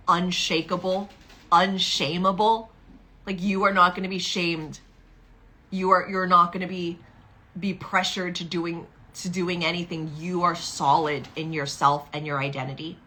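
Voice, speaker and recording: A woman in her thirties giving an impassioned, repetitive motivational talk as a business coach. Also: low-pitched. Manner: impassioned, repetitive, acts out inner voices loudly.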